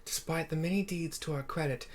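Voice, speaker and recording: A man's voice: a little high, voice pushed up, natural voice. A man voicing an ancient female phoenix spirit, speaking solemnly about a lost love. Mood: grieving. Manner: solemn, measured storytelling.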